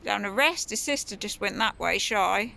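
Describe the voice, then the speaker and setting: A woman filming her cat in a cold outdoor garden on her phone, cooing at it in a high sing-song. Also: a little fast, vocal fry, bright, forceful tone. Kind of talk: casual vlog talk to a pet. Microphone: phone camera held by her.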